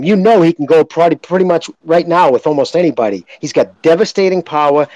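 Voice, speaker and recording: A man's voice: fairly high pitch, darkish tone, no echo, lo-fi sound. A man co-hosting a boxing podcast, arguing his point emphatically in casual chat, with frequent swearing. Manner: emphatic, argumentative, profane. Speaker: podcast co-host.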